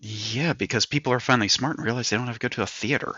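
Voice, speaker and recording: A man's voice: medium pitch, rapid-fire, bright, forceful tone, breathy edge, no echo. A middle-aged man on a podcast, telling a story as a rant and acting out what people said. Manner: ranting storyteller, acts out quotes. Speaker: podcast co-host. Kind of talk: casual chat. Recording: slightly dull, dry podcast mic.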